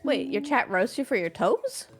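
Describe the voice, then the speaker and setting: High, teasing Canadian woman. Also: sing-song, moderate pace, breathy edge, faint music behind. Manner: teasing, laughing, playful. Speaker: streamer. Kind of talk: casual chat while gaming.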